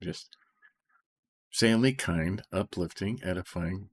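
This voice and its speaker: A middle-aged man reading scripture and explaining it in an informal, soft-spoken way, often checking in with "okay?" and slowing down on key phrases. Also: deep voice, breathy edge. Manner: slows right down to stress key phrases. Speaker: Bible study teacher.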